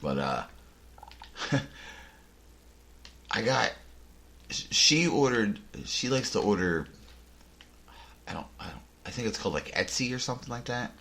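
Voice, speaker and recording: A man hosting a podcast, telling a casual story in a rambling way, full of restarts and deadpan jokes. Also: fairly low pitch, slow, long pauses. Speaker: podcast host. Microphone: headphones and desk mic.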